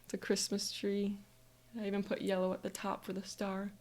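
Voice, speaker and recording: A woman's voice: medium pitch, monotone, moderate pace, darkish tone. A woman coach narrating a guided visualization as an upbeat present-tense memory.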